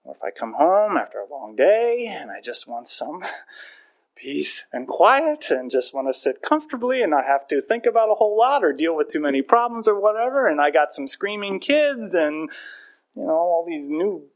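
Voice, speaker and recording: A man's voice: fairly high pitch, sing-song, moderate pace. A man in his thirties, a pastor preaching a sermon in a conversational, storytelling way with self-mocking humor.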